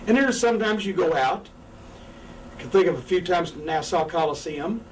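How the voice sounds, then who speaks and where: An older man, a retired wrestler, telling stories in a profane, animated way while sitting on a couch. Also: high voice, normal speed. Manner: swears freely, acts out crowd shouts. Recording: distant mic with faint noise.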